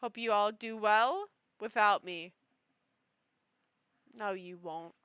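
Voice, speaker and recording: A woman's voice: mid-range voice, takes it slowly, a bit bright, clean tone, no echo. A young woman chatting casually to her viewers, gushing and squealing over cute little things. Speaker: vlogger. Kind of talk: casual chat.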